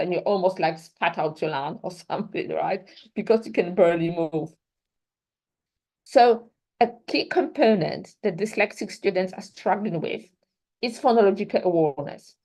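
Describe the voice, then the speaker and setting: A woman's voice: mid-range voice, a little mellow, rough recording. Woman lecturing teachers with examples. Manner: explains step by step with examples, often asks "right?". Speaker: teacher trainer. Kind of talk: presenting a lecture with slides.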